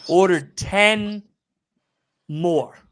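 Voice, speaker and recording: A man's voice: sits high, very slow, fairly bright tone. A man on a podcast telling a long work story in a casual, profane and exasperated rant. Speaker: podcast co-host.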